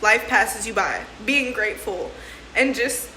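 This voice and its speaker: A woman's voice: a little high, lively intonation, measured pace, bright, forceful tone, a little hiss or hum. Emotional, slangy young woman vlogger. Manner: emotional, laughing through tears; slangy, says "bro" and "sis". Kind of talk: casual vlog chat. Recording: echoey room with faint ambience.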